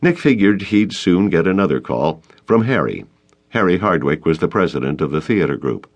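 A man narrating an audiobook of a short story with expressive storytelling. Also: sits low, normal speed. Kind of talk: scripted narration.

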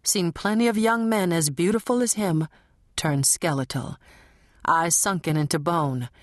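Slow, low-voiced woman audiobook narrator. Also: dry recording, studio quality. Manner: measured, dramatic, sensual. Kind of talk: scripted narration.

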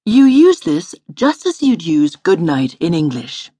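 A woman instructor reading a scripted audio language lesson in a studio, slowly modelling each word to repeat. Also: lowish voice, sing-song, mellow. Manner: patient, slow model pronunciation.

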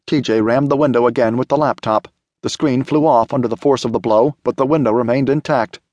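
A man narrating a thriller audiobook in a steady, measured way. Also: medium pitch, no echo. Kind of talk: scripted narration.

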